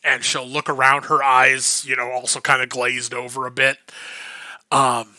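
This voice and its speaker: A man's voice: medium pitch, little pitch movement, unhurried, sharp tone, dry recording. A man narrating a tabletop game as game master, rambling with many ums and uhs. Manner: rambling, full of fillers.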